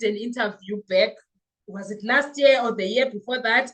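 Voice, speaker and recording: Animated woman podcaster. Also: a little high, moderate pace, low-quality recording. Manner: animated, exclamatory, addresses listeners as "guys". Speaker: podcast host. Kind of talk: podcast commentary reading comments aloud.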